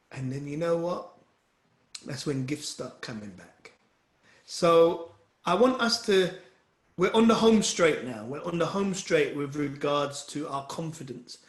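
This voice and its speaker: A man with a fairly high voice gives an earnest motivational talk and keeps turning to his listeners to encourage them. His voice carries a noticeable echo from the room. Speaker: wellbeing speaker leading a session.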